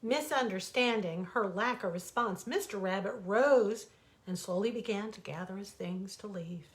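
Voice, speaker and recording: A woman author reading a bedtime fable aloud in an expressive, dramatic storytelling manner. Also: medium pitch, normal speed. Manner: expressive, dramatic, warmly animated. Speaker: author reading her own stories.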